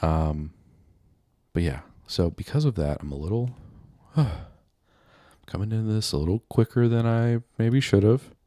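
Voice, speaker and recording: A deep-voiced man hosts his own podcast with no plan, wandering from one thought to the next and poking fun at himself. He sounds a little out of breath. His voice is close and dry, with almost no room sound. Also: measured pace, pauses often, warm tone, dry recording. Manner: rambling, self-mocking, laughs at own jokes. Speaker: podcast host. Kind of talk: unscripted solo chat.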